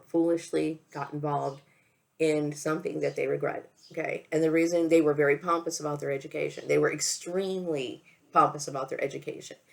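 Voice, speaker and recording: A tearful woman speaks to camera in a personal vlog. Her voice sits very low and crackles with vocal fry. She talks haltingly, doubling back on her words and checking in with an "okay" as she goes. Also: a little mellow. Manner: halting, repeats words, often says okay. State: tearful, emotional. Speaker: vlogger. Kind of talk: emotional personal monologue to camera.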